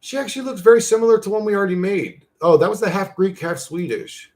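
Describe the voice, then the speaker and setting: A man's voice: sits high, quick pace, a little mellow. Rambling, foul-mouthed guy chatting casually. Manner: loose, profane, talks to himself while clicking through an image generator. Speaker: channel host.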